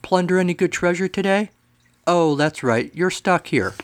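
A man's voice: high voice, expressive, normal speed, pitched above the performer's own voice. A man voicing a smug, lazy male sea serpent who taunts in a raised voice. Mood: taunting. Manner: taunting, mocking.

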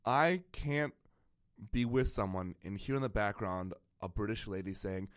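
A man's voice: lowish voice, measured pace, no room sound, clean studio sound. A young man co-hosting a casual comedy chat, playful and theatrical, laughing often. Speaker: podcast co-host.

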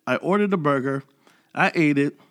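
On his motivational podcast, a man in his thirties talks casually and with energy, acting out his inner voice. His voice sits on the high side at a moderate pace, captured in a dry, clean studio recording.

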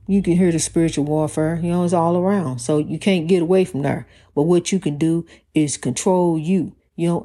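A woman's voice: lowish voice, mellow. A woman giving an inspirational talk about faith, preaching in repeated phrases and calling the listener "honey.". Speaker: spiritual vlogger. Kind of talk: inspirational monologue.

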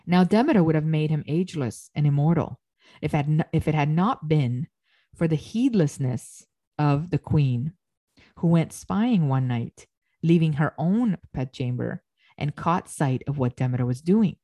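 A woman giving an explanatory lecture, retelling a myth and pausing to correct herself mid-phrase. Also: low-pitched, expressive, dark tone.

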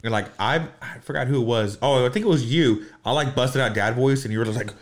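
A man speaking as a podcast guest, earnest as he tells stories from work and quick to add a joke. His pitch sits in a normal middle range. The talk is loose and conversational. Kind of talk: casual chat.

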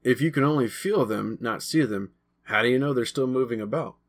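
A man's voice: mid-range voice, fairly quick, lightly acted. A man doing a skeptical teen boy. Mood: doubtful. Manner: doubtful, questioning. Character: skeptical teenage boy, unimpressed.

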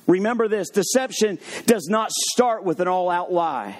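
A man preaching a sermon, mixing funny stories with slow, emphatic points. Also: high-pitched. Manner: lively, humorous storytelling with sudden drops to slow emphatic points.

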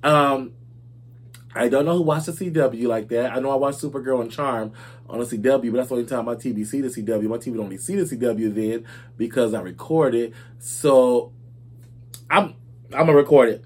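A man hosts a casual gossip segment, chatting to his listeners as if they were close friends. His voice sits at an ordinary middle pitch, and he talks loosely and informally, sprinkling in "y'all" and "baby" as he goes. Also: fairly quick, slightly rough. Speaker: celebrity gossip host.

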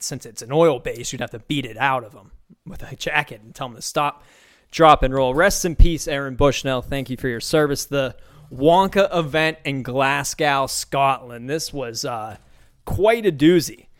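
A podcast host with a mid-range voice speaks at normal speed in casual commentary. He's loose, sarcastic and incredulous, rambling through his thoughts.

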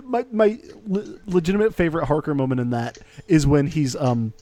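A man co-hosting a casual movie podcast, wry and profane, building up to loud punchlines. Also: fairly high pitch, a little fast, dry recording. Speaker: podcast co-host.

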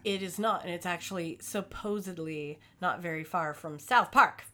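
A woman's voice: on the low side, normal speed, bright, forceful tone, slight background noise. A woman co-hosting a casual podcast, bantering in a crude, profane way. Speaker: podcast co-host. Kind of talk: casual chat.

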